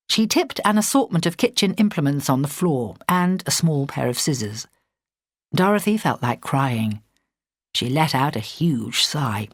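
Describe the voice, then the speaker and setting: A woman narrating a story in a measured storytelling voice, close to a studio mic. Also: sits low, lively intonation, dry recording. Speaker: audiobook narrator. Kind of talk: scripted narration.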